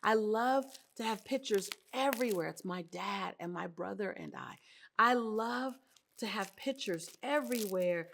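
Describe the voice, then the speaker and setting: Brief: woman motivational host, animated and expressive, laughs easily, talking to camera on an indoor set. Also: mid-range voice, unhurried, vocal fry, slight background noise.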